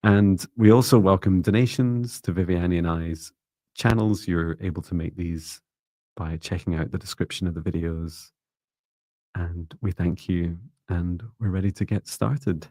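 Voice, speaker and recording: A man co-hosting a live psychic reading stream, chatty and quick to laugh. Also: low-pitched, fairly even intonation, mellow, no room sound, studio quality. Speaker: co-host, psychic reader.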